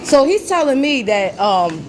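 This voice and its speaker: Woman, indignant, loud, lively pitch, fairly high voice, phone recording in a mall store, store music behind. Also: unhurried. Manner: indignant, loud, talks to onlookers. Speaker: shopper filming a confrontation. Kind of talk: heated confrontation. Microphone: phone camera held by the speaker.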